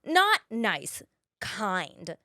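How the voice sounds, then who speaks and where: A woman's voice: mid-range voice, wildly swooping pitch, extremely slow, pushed and bright, no room sound, clean studio sound. A woman in her thirties, an actress guest, chatting animatedly on a podcast, laughing often and restarting her sentences. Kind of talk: casual podcast chat.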